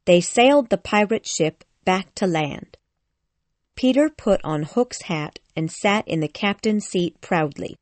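A woman narrating a graded reader audiobook in a slow, careful, clearly articulated way. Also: medium pitch, expressive, a little mellow, dry recording.

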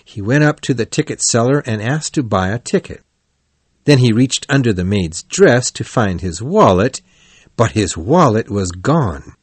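A man reading a children's storybook aloud as narrator, in an even, clear storytelling delivery. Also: mid-range voice, a little slow, no room sound.

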